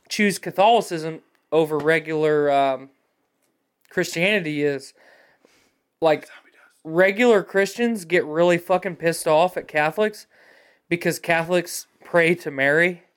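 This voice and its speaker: A man's voice: on the high side, unhurried, pauses often, clean tone. A man in casual chat, blunt and profane and opinionated.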